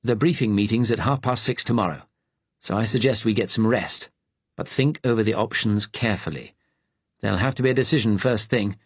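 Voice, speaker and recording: A man's voice: lowish voice, fairly quick, slightly rough, no room sound, voice pushed up. A man voicing a weary, firm male resistance captain.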